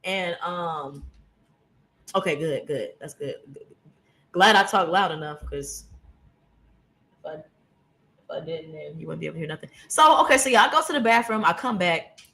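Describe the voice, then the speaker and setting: A woman's voice: low-pitched, normal speed, gravelly, pauses often, poor audio. Slangy woman telling a story on a livestream. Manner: slangy, animated, talks loudly at times. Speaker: livestream host. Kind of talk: casual storytelling to a live audience. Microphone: computer's internal mic.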